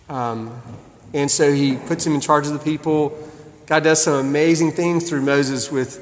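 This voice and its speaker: A man's voice: mid-range voice, level tone, normal speed, slight background noise. A man preaching a sermon, retelling a story in a casual way with acted asides. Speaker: pastor. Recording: long hall reverb.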